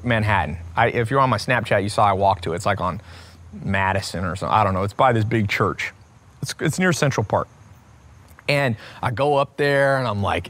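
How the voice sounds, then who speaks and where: A man in his thirties from the United States, talking in a blunt, profane, unscripted rant as a self-help speaker, with his pitch jumping up and down. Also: a bit bright. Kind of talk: unscripted ranting monologue.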